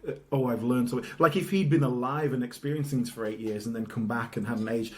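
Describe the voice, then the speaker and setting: A man's voice: mid-range voice, fairly even intonation, quick pace, a little mellow. A man talking as a guest on a casual podcast, thoughtful, with frequent restarts and light laughs.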